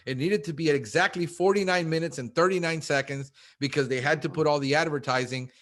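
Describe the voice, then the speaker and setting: A man talking casually in an interview, animated and fast, acting out little quotes and calling the host bro. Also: on the high side. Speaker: guest, pest control business owner.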